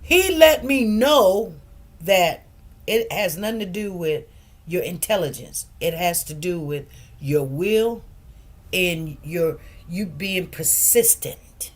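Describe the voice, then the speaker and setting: A middle-aged woman talking casually on a livestream, telling stories with lively, preacherly emphasis that drops quieter when she turns serious. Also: lowish voice, takes it slowly. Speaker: livestream host.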